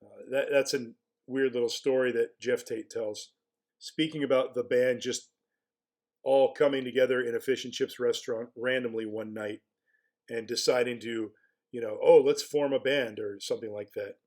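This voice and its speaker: A man at a mid-range pitch gives casual spoken commentary as a blogger. He wonders aloud as he goes, putting rhetorical questions to the listener and stumbling back over his words before he pushes on. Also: level tone, moderate pace, darkish tone. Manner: musing, asks rhetorical questions, frequent restarts.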